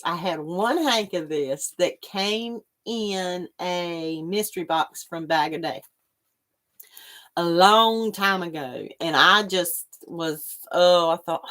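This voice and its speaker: A woman's voice: fairly low pitch, a bit bright. A woman hosting a casual livestream, chatting in a rambling way and reading out viewer comments. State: coughing after choking on water. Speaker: livestream host. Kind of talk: casual chat with live viewers.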